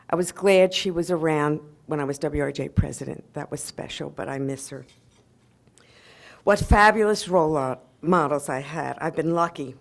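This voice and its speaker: An older woman gives a heartfelt acceptance speech at a convention, her voice sitting a little low. She reminisces warmly, pausing on ums and breaking into laughs along the way. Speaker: award honoree giving an acceptance speech. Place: convention hall before an audience.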